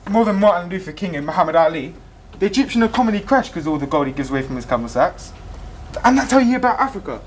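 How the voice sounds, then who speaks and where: A woman's voice: medium pitch, a little hiss or hum, lightly acted. A young actress playing a female gamer who answers in clipped single words and then tells a long rhythmic story. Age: young adult. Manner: clipped repeated replies, then flowing rhythmic telling. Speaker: student actor in a youth theatre play. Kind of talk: stage play performance.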